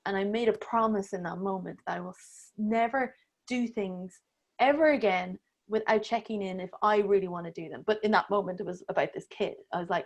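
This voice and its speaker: A podcast guest in her thirties who teaches breathwork speaks fairly quickly at a medium pitch. In relaxed interview talk she relates a personal story, dramatizing her inner voices and mixing in laughter and the odd expletive.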